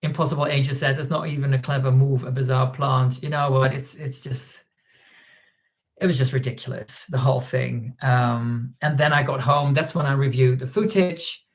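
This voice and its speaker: A man's voice: medium pitch, fairly even intonation, moderate pace. A man from the Netherlands with a Dutch accent, hosting a casual livestream, recounting events and reading out viewer comments and donations. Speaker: livestream host.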